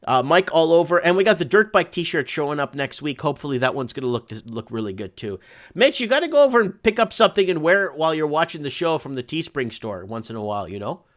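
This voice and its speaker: High-voiced man in loose rambling chat. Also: very animated, fast, fairly bright tone. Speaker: host. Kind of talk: casual chat.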